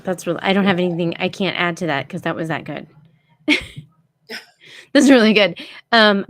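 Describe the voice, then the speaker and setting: A woman's voice: lowish voice, fairly bright tone, dry recording. A woman hosting a casual live stream, reacting and reading out viewer questions. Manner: reads audience questions aloud. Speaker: host.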